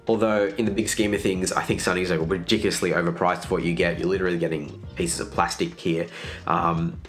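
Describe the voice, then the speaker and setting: Aussie guy w a stuffy nasal voice, kinda low, chill honest vlog review, faint music behind. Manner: relaxed, candid, conversational. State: getting over a virus. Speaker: cycling gear reviewer.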